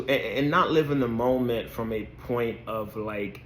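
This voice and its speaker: A man's voice: medium pitch, a little slow, reverberant. A man hosting a casual devotional talk, hesitant and dotted with "um" and "right?". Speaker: faith video host.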